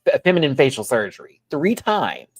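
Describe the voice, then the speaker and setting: A reviewer in a casual live review, talking animatedly with sassy asides and sudden high-pitched exclamations. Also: big pitch swings, fairly quick, breathy edge. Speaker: show reviewer.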